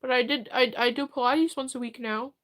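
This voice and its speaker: A woman streamer with a slightly high voice talks through her chat while close to tears. She speaks haltingly and rambles, stopping and restarting as she runs herself down. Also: steady tone, a bit bright. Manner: halting, rambling, self-deprecating. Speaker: livestreamer. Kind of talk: live chat reading and reply.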